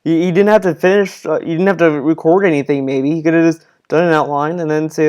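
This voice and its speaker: A man's voice: a little high, steady tone, fast talker, few pauses, a little mellow, clean tone. A young man giving casual critical commentary on a video, rambling and skeptical, with frequent restarts. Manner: rambling, repeats himself, restarts often, frustrated skeptical tone. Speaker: commentator reacting to a streamer's video.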